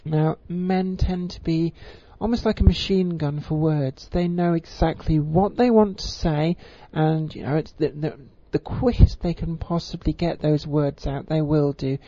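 A woman giving an informal voice tutorial, with crisp, careful enunciation and frequent ums. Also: low voice, fairly even intonation, a little slow, few pauses, dark tone, dry recording. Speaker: voice coach. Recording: slightly muffled lo-fi recording.

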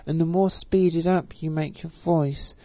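A voice coach, speaking with deliberately stretched vowels and a careful, refined pronunciation, with frequent fillers. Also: female voice, low-pitched, fairly even intonation, mellow, no echo. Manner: measured, elongated vowels, many fillers. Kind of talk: spoken voice lesson. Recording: dull, dry recording.

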